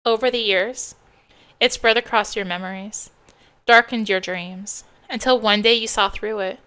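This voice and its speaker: A woman streamer reading a game's narration aloud in a soft, measured way. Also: medium pitch, fairly even intonation, smooth. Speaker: let's play streamer.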